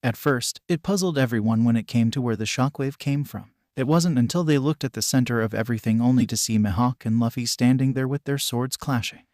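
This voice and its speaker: A man giving scripted narration of a fan-fiction story in a flat, even reading style that reads punctuation aloud. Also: medium pitch, fairly quick, hardly any pauses, no room sound, clean studio sound.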